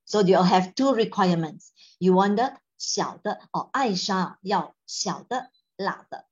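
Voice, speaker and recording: A woman with a Malaysian accent leads a Mandarin lesson, switching between English and Mandarin as she explains each word. She speaks slowly with a slightly husky voice. The recording sounds dull and lo-fi. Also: medium pitch, animated. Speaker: Mandarin teacher. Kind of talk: language lesson.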